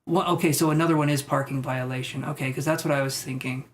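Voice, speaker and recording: A man giving psychic tarot readings on a live stream. He talks in a tentative, musing way, thinks out loud with many fillers, and reassures his viewers. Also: medium pitch, fairly even intonation, quick pace. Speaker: tarot reader.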